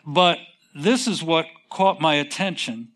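A man preaching a sermon in an unhurried, emphatic way, stretching words for stress and slipping into folksy conversational asides. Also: fairly high pitch, expressive, fairly bright tone.

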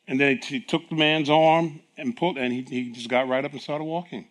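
Speaking a little fast with hardly any pauses, a middle-aged pastor preaches in a medium-pitched voice. His sermon is full of lively storytelling, acted dialogue, and regular laughter.

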